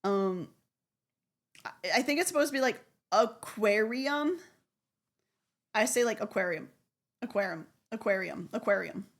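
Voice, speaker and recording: A woman's voice: medium pitch, animated, moderate pace, gravelly, pauses often. A young woman streamer chatting casually and playfully, giggling and repeating words to test how she says them. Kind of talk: casual live-stream chat.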